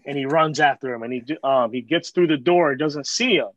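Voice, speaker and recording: A man telling a story to friends in profane, slangy, animated casual talk as host of a vlog. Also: mid-range voice, a little fast, no room sound.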